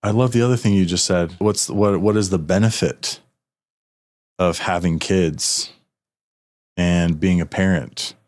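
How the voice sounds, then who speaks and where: Deep-voiced guy hosting a podcast, earnest and a bit choked up, keeps restarting sentences. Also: steady tone, a little slow, pauses often, darkish tone. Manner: earnest, emotional storytelling with many restarts. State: a little emotional. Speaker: podcast host. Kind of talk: casual podcast conversation.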